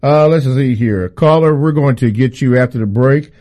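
A man's voice: medium pitch, normal speed, dark tone. A man hosting a call-in talk radio show, relaying a question and reading out station promos. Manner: affirming listener, reads out questions and station promos.

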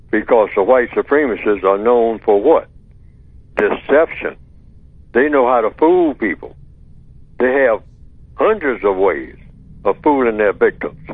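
A man on call-in radio explaining his point emphatically and deliberately, asking himself rhetorical questions. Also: medium pitch, no echo. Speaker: radio guest answering a listener question. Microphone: telephone. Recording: dry, tinny phone line.

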